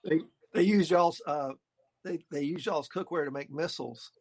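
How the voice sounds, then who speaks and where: A man's voice: on the high side, moderate pace, a little mellow, husky. A man hosting a podcast in casual chat, laughing along and repeating words, with many fillers. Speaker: podcast host.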